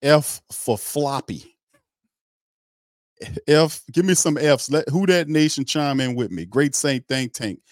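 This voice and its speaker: A man's voice: a little high, lively intonation, normal speed, few pauses, no room sound, clean studio sound. A man hosting a sports fan livestream, ranting bluntly and mockingly with slang and cursing. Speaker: fan show host. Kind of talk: heated fan commentary on a livestream.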